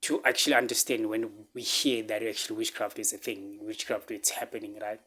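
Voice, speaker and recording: A man from Africa, telling a personal story to his viewers in halting speech full of fillers, restarts and repeated phrases. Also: fairly low pitch, steady tone, pushed and bright, husky. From South Africa. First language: a local South African language. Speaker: vlogger.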